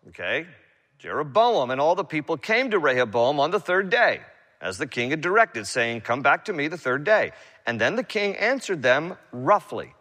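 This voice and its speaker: A man's voice: mid-range voice, pushed and bright. A man preaching an expository sermon, reading scripture and retelling it in casual, slangy paraphrase for his congregation. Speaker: pastor. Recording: long hall reverb.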